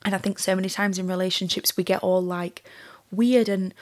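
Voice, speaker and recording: A woman's voice: mid-range voice, fairly even intonation, fairly quick. A young woman hosting a solo podcast, talking candidly and casually with plenty of fillers and swearing. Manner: candid, chatty, swears freely, many "like" fillers. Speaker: podcast host.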